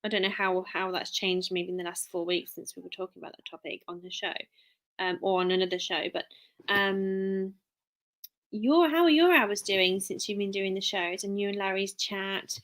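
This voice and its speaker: A woman's voice: mid-range voice, steady tone, moderate pace, fairly bright tone. A woman chats on a live stream in a loose, wandering way. She reads viewer names aloud and breaks off mid-sentence to try again. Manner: chatty and rambling, reads viewer names aloud, many restarts. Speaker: live streamer, work-from-home mum. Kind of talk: casual live-stream chat.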